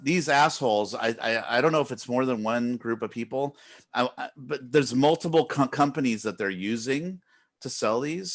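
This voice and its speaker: A man's voice: mid-range voice, fairly bright tone. A man ranting in a casual group chat, swearing and telling a story with exasperation. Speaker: podcast co-host.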